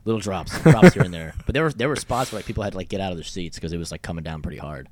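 A man's voice: low voice, animated, racing, crowd noise. A young man from Canada chatting casually, rambling and swearing a lot with frequent laughs. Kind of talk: casual chat.

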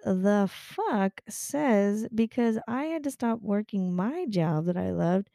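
A woman voicing her own brash, fed-up alter ego, swearing indignantly and slowing down. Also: mid-range voice, animated, creaky, warm tone, no room sound, studio quality.

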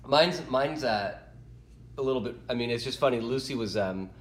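A man's voice: medium pitch, moderate pace, echoey room, a little hiss or hum. A man in his thirties, a podcast co-host, chatting casually and chuckling through a story about his daughter. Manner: lively, chuckling, swears mildly with "dude". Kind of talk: casual chat.

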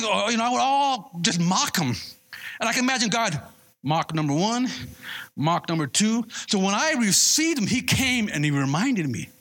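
A man's voice: high-pitched, brisk. A man preaching a sermon, telling his own conversion story with lots of acted-out dialogue, often repeating and restarting words. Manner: animated storytelling, acts out quoted dialogue. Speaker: pastor. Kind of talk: sermon with personal testimony.

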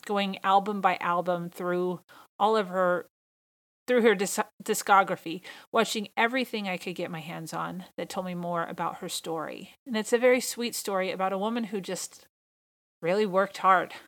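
A woman's voice: mid-range voice, normal speed, fairly bright tone. A woman hosting her own podcast in a casual solo monologue, talking with gushing enthusiasm. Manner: enthusiastic, gushing fan talk. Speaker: podcast host.

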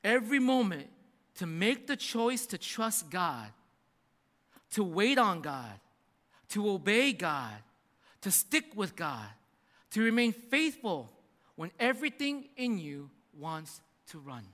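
High bright-voiced preacher man in a hall. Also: takes it slowly. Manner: animated storytelling, acting out voices in quotes. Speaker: pastor. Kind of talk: sermon. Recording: reverberant hall.

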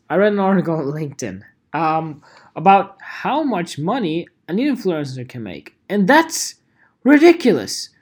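A man's voice: on the high side, a little mellow, breathy edge. A man hosting a podcast alone, talking casually in a rambling, profane, self-deprecating way. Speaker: podcast host.

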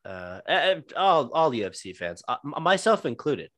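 A man's voice: fairly high pitch, big pitch swings, normal speed, a bit bright, dry recording. A man co-hosting a casual podcast, talking in a laid-back, rambling way with fillers and swearing. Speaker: podcast co-host. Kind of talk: casual chat.

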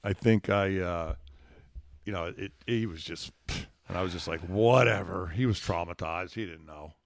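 A man, a podcast guest, telling a wild personal story in an animated, profane way. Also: low-pitched, moderate pace, no room sound, studio quality. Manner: profane, excitable, acts out dialogue. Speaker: guest, former combat controller.

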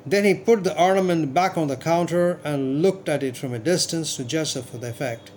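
Measured male storybook narrator. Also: on the high side, darkish tone, slight background noise. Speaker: audiobook narrator.

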